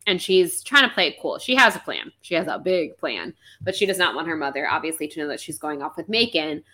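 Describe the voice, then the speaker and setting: A young woman co-hosts a casual book-club podcast, her fairly low voice bright and ringing. She swings her pitch widely and jumps into playful voices for the characters. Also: brisk. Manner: animated, acts out characters' lines with big swoops. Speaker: podcast co-host.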